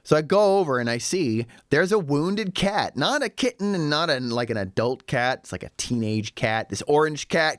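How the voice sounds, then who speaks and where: A man vlogs straight to camera, his pitch leaping up and down as he rambles through a story full of sarcastic asides. He sounds a little tipsy, and the sound is dry and close. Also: a bit bright, no echo. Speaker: vlogger living in Shanghai. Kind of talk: casual storytelling monologue.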